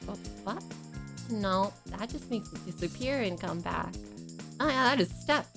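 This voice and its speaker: Woman, game streamer, casual chat, excitable, swears a lot, jokey, medium pitch, faint music behind. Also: a little slow, gravelly. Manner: excitable, swears freely, joking. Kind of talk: casual gameplay livestream chat. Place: home room at her computer.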